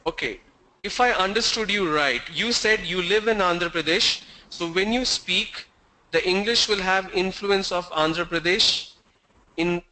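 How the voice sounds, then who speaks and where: A man's voice: fairly high pitch, bright, forceful tone, slight background noise, poor audio. A man teaching an online English class over a video call, quizzing students and joking with them. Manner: asks the class questions, teasing and joking. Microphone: video call mic.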